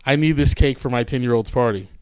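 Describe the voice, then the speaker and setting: Male co-host, middle pitch, blunt and profane in banter. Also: fast talker, over a noisy crowd. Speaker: podcast co-host. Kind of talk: casual chat.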